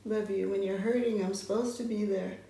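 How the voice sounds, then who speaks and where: A middle-aged woman speaks as a supportive older sister, her voice gravelly with fry. She sits back from the mic, so she sounds echoey and picks up faint background noise. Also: mid-range voice, fairly even intonation, fairly quick, dark tone, distant mic. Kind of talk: conversation.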